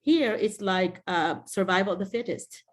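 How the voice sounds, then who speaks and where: A middle-aged woman with a Filipino accent talks casually to other teachers on a video call. She tells classroom stories, slips into quoting students and parents, and laughs along the way. Her pitch sits in an everyday middle range. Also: normal speed. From Philippines. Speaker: teacher mentor. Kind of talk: casual Zoom talk to teachers.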